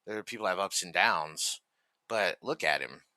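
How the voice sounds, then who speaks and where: Brief: angry commentary host, profane, mocking, very bright and sharp tone, dry close mic. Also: male voice, sits low, lively intonation, moderate pace, dry recording. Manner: profane, furious, mocking ranting.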